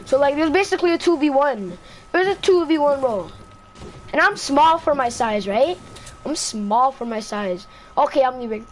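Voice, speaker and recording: A woman's voice: high-pitched, animated, moderate pace, a little hiss or hum. A woman telling a casual storytime, rambling, repeating herself and asking "right?" after most lines, into a close mic. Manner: rambling, repeats itself, says "right?" often. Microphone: own mic close to the face.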